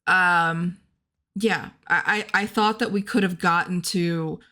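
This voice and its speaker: A woman's voice: on the low side, fairly even intonation, takes it slowly, pushed and bright. Woman cohosting a movie podcast, frank and kinda cynical, easygoing chat. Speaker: podcast co-host. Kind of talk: casual film discussion.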